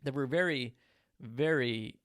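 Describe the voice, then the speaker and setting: A young man hosting a solo movie review podcast, talking in an animated, blunt way and swearing freely. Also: medium pitch, slow pace, no echo, studio quality. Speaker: podcast host.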